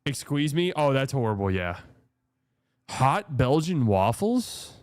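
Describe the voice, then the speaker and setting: Smooth-voiced joking male streamer. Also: mid-range voice, sing-song, slow pace, darkish tone, no echo. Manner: joking, chatty, swears casually. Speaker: live stream host. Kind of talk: casual live stream watch-party commentary.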